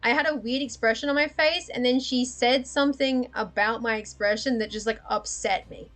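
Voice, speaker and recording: A young adult woman hosts a livestream, chatting candidly, swearing freely and laughing often. Her voice sits a little high with fairly even intonation, a normal speed and a fairly bright tone.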